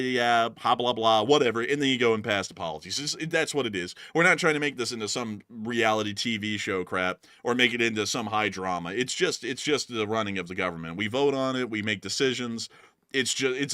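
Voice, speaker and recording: A man's voice: on the low side, pushed and bright, no room sound, studio quality. A man hosting a casual livestream news show, answering viewer questions in a rambling way full of fillers and restarts.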